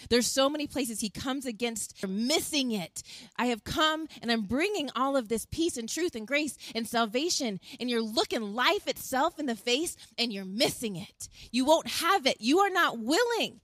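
A woman preaching a sermon as a pastor, earnest and animated, acting out quotes as she tells the story. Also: a little high, no echo. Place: outdoors in wind.

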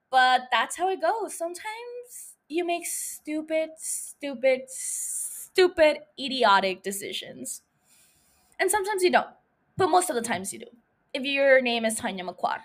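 A woman's voice: high voice, a bit bright. A woman hosting her own podcast in a playful, profane and chatty solo monologue. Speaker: podcast host.

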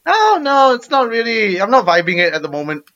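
An upbeat man co-hosting a podcast who laughs often. His voice is high for a man and swings widely in pitch. It has a bright, forceful edge. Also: sing-song, fairly quick. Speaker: podcast co-host. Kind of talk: casual chat.

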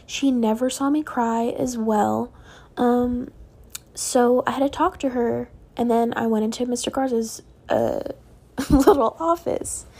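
A woman's voice: on the high side, gravelly, warm tone, husky. A young woman telling a personal story in a casual, rambling way at home, full of "like" and "um".

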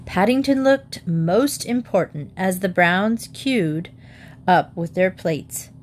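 A woman's voice: on the low side, slight background noise. Woman reading a storybook aloud. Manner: measured, clear storytelling. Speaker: narrator.

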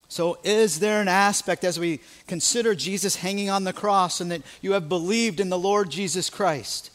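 A man's voice: high voice, normal speed, hardly any pauses, a bit bright. A male pastor with an American accent preaching a sermon, emphatic and full of rhetorical questions.

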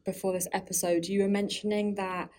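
A woman's voice: medium pitch, level tone, a little fast, a little mellow. A woman podcast host in a casual interview chat, encouraging her guest and using lots of fillers like "like" and "um".

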